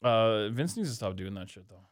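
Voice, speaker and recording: A man's voice: on the low side, lively intonation, normal speed, no room sound, clean studio sound. A man co-hosting a podcast in loose, profane, joking chat. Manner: loose, profane, jokey banter. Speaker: podcast co-host. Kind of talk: casual chat.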